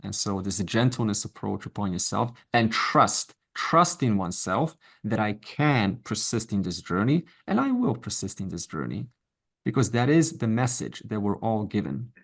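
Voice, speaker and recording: With a lowish, gravelly voice that is very animated, this middle-aged man lectures informally to an online Vedanta class at a moderate pace. He's conversational and encouraging, slipping in asides and acting out quoted voices.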